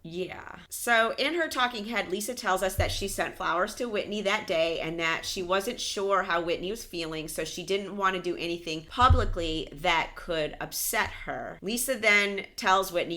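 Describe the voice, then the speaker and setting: A woman hosts a casual recap in a chatty way, retelling what happened in the episode. Her voice sits lowish with a bright, forceful edge. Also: moderate pace, few pauses. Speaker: podcast co-host.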